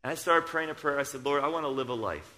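A middle-aged man preaching a sermon, moving between loud, excited storytelling and quiet, hushed intensity. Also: mid-range voice, fast talker.

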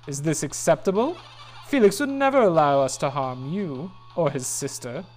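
A woman voicing a smug masked villain from a video game, speaking loudly and slowly with command. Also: deep voice, animated, soft background music. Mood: menacing. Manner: loud, slow and commanding.

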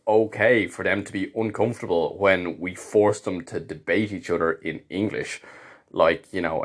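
A man's voice: low voice, fairly bright tone, husky. A man delivering a casual, meandering monologue, wry and self-interrupting as he talks. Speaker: monologue host.

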